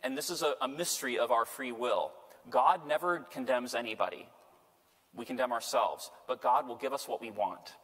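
A man's voice: medium pitch, normal speed, fairly bright tone. Male priest lecturing in an echoey hall. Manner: conversational, checks in with "right?". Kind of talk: Bible study lecture. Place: parish lecture room. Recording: long hall reverb.

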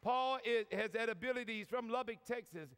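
Speaking to a big crowd in a large convention hall, this New Orleans priest mixes preaching with humor, staying folksy and full of "y'all" in his local accent. His voice is extremely high, fairly quick, fairly bright and clean, and the hall adds a long reverb.

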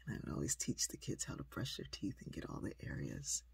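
Woman storyteller: breathy, raspy, gravelly voice, conversational and lively. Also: a bass voice, fast talker, no echo. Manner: lively, conversational, acts out quotes. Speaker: speaker, storyteller. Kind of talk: personal storytelling.

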